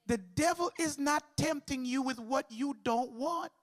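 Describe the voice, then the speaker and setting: A man's voice: extremely high pitch, unhurried. A man preaching a sermon as pastor, mixing humor with call-and-response to the congregation.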